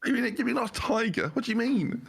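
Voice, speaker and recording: A man chatting and teasing his friends on a live stream, laughing loudly. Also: extremely high pitch, lively intonation, fast, gravelly, slightly rough. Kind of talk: casual group chat on a live stream.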